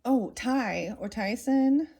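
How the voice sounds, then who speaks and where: A woman giving a casual tarot reading and reading aloud from a storybook, excitable and talking straight to her viewers. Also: a little high, takes it slowly, vocal fry, breathy edge. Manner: excitable, talks straight to viewers, bursts of laughter. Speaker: tarot reader.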